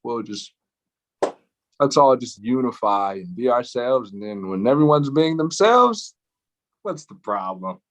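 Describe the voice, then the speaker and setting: A man co-hosting a casual podcast, musing aloud in drawn-out phrases. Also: mid-range voice, lively intonation, a bit bright. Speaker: co-host.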